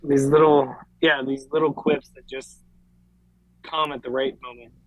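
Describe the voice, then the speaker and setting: A man's voice: mid-range voice, little pitch movement, unhurried, muffled recording. A man co-hosting a wrestling podcast, laid-back and agreeable, talking loosely with lots of fillers. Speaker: podcast co-host. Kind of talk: casual wrestling chat.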